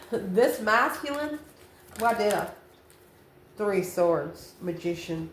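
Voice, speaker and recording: A woman reading tarot cards in a loose, chatty way, calling the listener honey and laughing between cards. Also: mid-range voice. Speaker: tarot reader. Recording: roomy echo, faint ambient noise.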